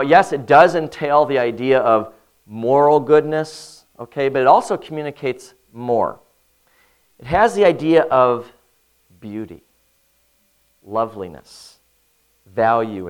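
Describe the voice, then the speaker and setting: A pastor reading scripture, praying and preaching a sermon in an earnest manner, often dropping to a soft voice at the ends of phrases. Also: male voice, medium pitch. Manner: earnest preaching, swells and drops in loudness.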